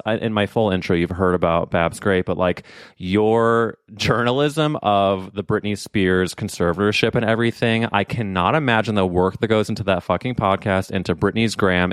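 A man's voice: lowish voice, smooth, no room sound, clean studio sound. Chatty young man hosting a podcast. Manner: chatty, animated, swears casually. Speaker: podcast host. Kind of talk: casual chat.

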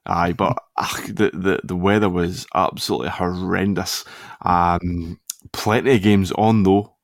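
A man's voice: low-pitched, fairly even intonation, unhurried, dry recording, clean studio sound. A Scottish man hosting a casual football podcast, talking in a rambling, easygoing way and often correcting himself. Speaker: podcast host.

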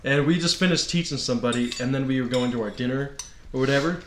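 A man in a casual podcast chat, telling a story in a slangy, animated way and laughing as he goes. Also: mid-range voice, fast, a little hiss or hum. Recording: echoey room.

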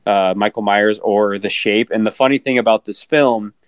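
A man's voice: lowish voice, steady tone, normal speed, no room sound. A man co-hosting a podcast who chats casually about a film, stammering, repeating words and swearing freely. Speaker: podcast co-host. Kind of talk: casual film review chat.

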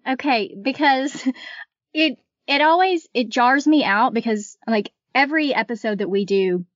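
A woman, a librarian who guests on a podcast, chatting casually in a lively way and laughing often. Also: high-pitched, dry recording. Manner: lively, quick to laugh, acts out quotes. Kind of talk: casual chat. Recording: dull lo-fi dry recording.

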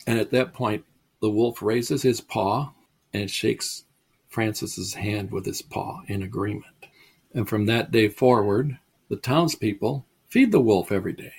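A male lecturer tells old tales in a chatty, rambling way, chuckling now and then. His voice is gravelly with a husky edge. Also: fairly low pitch, measured pace. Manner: chatty and digressive, chuckles at the stories. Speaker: lecturer on mysticism. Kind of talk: storytelling lecture.

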